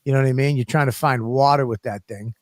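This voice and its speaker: A man's voice: mid-range voice, fairly even intonation, quick pace, no room sound, studio quality. A man co-hosting a podcast, telling crude stories in a rambling, profane way. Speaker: podcast co-host. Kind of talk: casual comedic chat.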